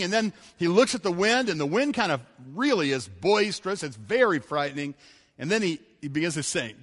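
A man preaching a sermon who talks in an animated way, swinging between loud bursts and hushed passages and laughing often. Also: sits high, fairly quick. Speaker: pastor. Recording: long hall reverb.

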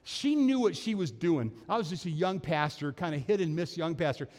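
With lively intonation and a darkish tone, this older man's voice sits on the high side and moves at normal speed. Preaching as pastor, he shares sincere, homespun stories about his life, echoing with long church-hall reverb in the sanctuary.

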